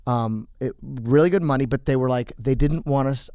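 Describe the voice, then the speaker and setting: A man, a comedian guest, telling animated stories in a casual studio podcast chat. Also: mid-range voice, normal speed, clear, resonant tone, dry recording.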